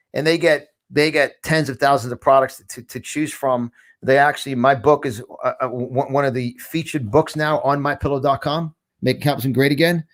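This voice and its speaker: A podcast host with a New York accent, talking in a rambling, fired-up way from a large studio. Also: male voice, mid-range voice. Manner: rambling, fired up, repeats words. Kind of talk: animated talk-show chat.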